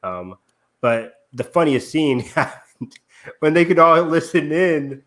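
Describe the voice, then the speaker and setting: A man's voice: a little high, expressive, takes it slowly, fairly bright tone. A man hosting a casual film review podcast, retelling scenes with lots of laughter and fillers. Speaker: podcast host.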